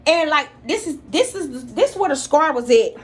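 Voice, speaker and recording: A woman telling a story straight to her viewers in a casual, profane, animated way. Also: high voice, moderate pace. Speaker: vlogger.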